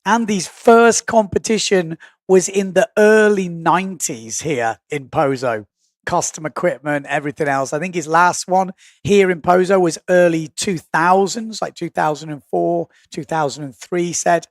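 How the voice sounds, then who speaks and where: Guy hosting a live sports stream, rambly and chatty, highish voice, dry close sound. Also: normal speed, no echo. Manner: chatty, rambling, thinking aloud. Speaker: livestream commentator.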